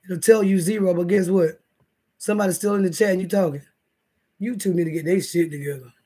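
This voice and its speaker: A man's voice: sits high, steady tone, brisk, warm tone, breathy edge. A man hosting a casual livestream from his bed, rambling and swearing as he talks to viewers in the chat. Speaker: livestream host. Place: indoors, in bed.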